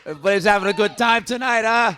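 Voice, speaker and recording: A man's voice: high voice, fast talker. A middle-aged man doing a stand-up comedy set in a comedy club, working the crowd with brash, joking banter.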